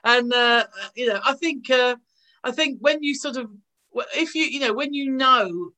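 A woman from England, an actress guest telling animated anecdotes over a video call and acting out the voices of the people in them. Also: high voice, normal speed.

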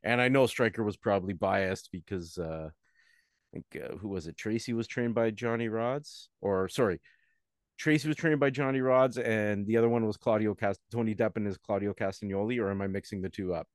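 A man's voice: lowish voice, moderate pace, no echo. Male co-host, rambling casual chat, dry close recording. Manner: rambling, with frequent fillers and restarts.

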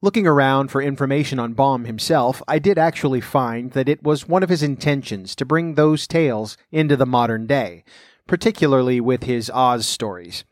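A man reading a storybook aloud in a measured, even way, then adding his own commentary. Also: mid-range voice, no room sound, clean studio sound.

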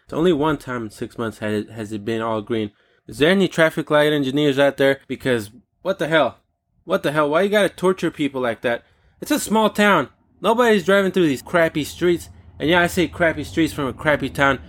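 A man delivering a comedic solo rant as host, rambling and profane with silly tangents. His voice sits a little high for a man. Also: fairly quick, a bit bright. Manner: rambling, profane, jokey digressions.

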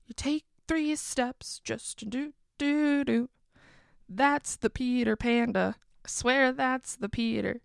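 A woman's voice: medium pitch, vocal fry, smooth, dry recording, clean studio sound. A young woman hosting a casual solo podcast, talking candidly with swearing and self-deprecating laughs. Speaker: podcast host.

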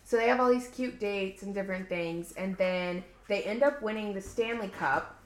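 A woman talks through a book's plot in a loose, chatty podcast style, leaning on "like" as she goes. Her voice sits at an ordinary middle pitch. The room gives her voice a noticeable echo. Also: normal speed, slight background noise. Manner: chatty, rambling, heavy use of "like". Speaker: podcast co-host. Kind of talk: casual chat recapping a book.

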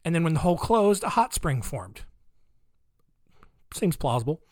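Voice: mid-range voice, sing-song, normal speed, darkish tone, no echo, studio quality. A comedy podcast host retelling saint stories in a sarcastic, rambling way, with many fillers.

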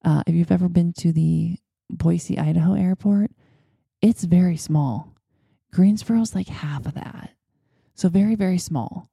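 A woman's voice: fairly low pitch, measured pace, vocal fry, mellow, husky, no echo, clean studio sound. A woman hosting a podcast, telling a personal story in a chatty, rambling way. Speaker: podcast host. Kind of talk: casual storytelling.

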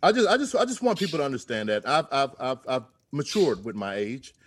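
A man's voice: medium pitch, big pitch swings, fairly quick, slight background noise. A man who is a regular on a radio show, ranting in a profane, comic way during casual podcast chat.

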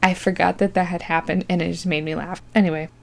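Speaking fast in a flat, slightly mellow way, a young woman gives a loose movie recap in a low, gravelly voice. Her tone is sarcastic as she ridicules the plot, with plenty of likes and ums filling the gaps.

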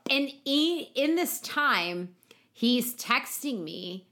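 A woman co-hosting a podcast in casual chat, with a chatty, drawn-out delivery that rises into sing-song quotes. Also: on the high side, lively intonation, sharp tone. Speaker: podcast co-host.

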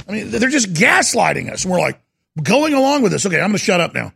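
A man's voice: sits high, very animated, fast talker, creaky, a bit bright, husky. A man hosting a call-in radio show, reading headlines aloud in a sarcastic, mocking tone. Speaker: radio talk show host. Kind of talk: heated call-in radio monologue.

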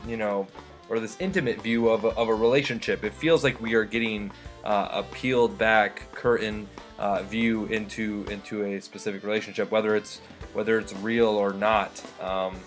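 A man introducing a magazine issue as one of its editors, talking in a halting way with many fillers and restarts. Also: on the low side, steady tone, faint music behind. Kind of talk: casual spoken introduction.

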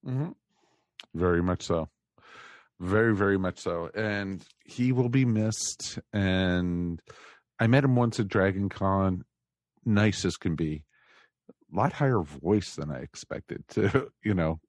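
Deep-voiced American man, rambling podcast host. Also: takes it slowly, no echo, clean studio sound. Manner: rambling, many fillers. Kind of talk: casual podcast chat.

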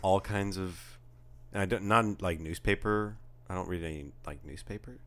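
A man co-hosting a podcast from his beachside apartment, chatting casually in a rambling, deadpan way. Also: deep voice, moderate pace. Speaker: podcast co-host. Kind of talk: casual chat.

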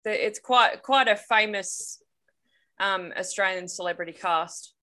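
A woman on a podcast explains a story in a loose, rambling way, full of "um" and "like". Her voice is bright and clear at a middle pitch. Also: unhurried. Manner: rambling explanation with many fillers and restarts. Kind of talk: casual podcast chat.

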